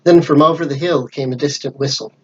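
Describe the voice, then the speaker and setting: A man reading a classic adventure book aloud as storyteller, with lively character voices. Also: a little high, brisk, breathy edge, muffled recording.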